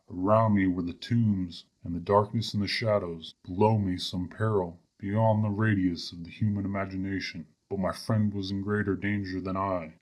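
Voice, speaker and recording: Male storyteller for gothic horror, deep and husky, measured delivery. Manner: grave, measured. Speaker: narrator. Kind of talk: dramatic horror story reading.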